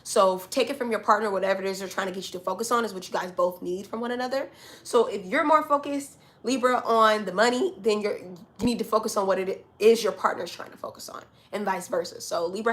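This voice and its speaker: A woman's voice: mid-range voice, fairly bright tone, a little hiss or hum. Chatty woman giving a tarot reading. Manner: chatty, direct, calls listeners honey and child. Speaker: tarot reader. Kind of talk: casual collective tarot reading. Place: home.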